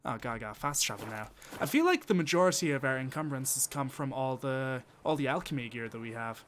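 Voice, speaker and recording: A man's voice: mid-range voice, animated, fairly quick, a bit bright, slight background noise. A man, chatting and swearing casually as he thinks aloud while playing a game on stream. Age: 20s. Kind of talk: casual gameplay commentary.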